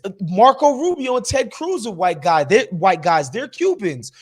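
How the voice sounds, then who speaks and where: Podcast co-host from New York, male, high voice, slangy and animated. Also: normal speed, husky. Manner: loose, slangy and animated, laughs often. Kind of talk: casual political chat.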